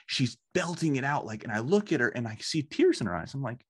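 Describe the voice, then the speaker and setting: A man in his thirties hosting a podcast, telling stories in a casual, profane, animated way. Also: medium pitch, brisk, slightly rough, dry recording, studio quality. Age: 30s. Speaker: podcast host. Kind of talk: casual chat.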